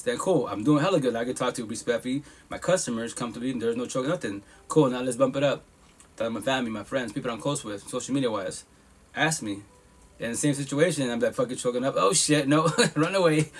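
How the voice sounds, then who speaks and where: Fast-talking husky man giving blunt advice. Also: mid-range voice. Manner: blunt, profane, repetitive, fast and emphatic. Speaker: live podcast host. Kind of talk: casual heartfelt advice talk.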